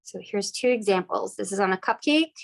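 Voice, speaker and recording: Woman with a cold, gravelly voice. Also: medium pitch, fairly quick. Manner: relaxed, chatty, upbeat. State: getting over a cold, coughing. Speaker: craft class instructor. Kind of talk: casual step-by-step demonstration.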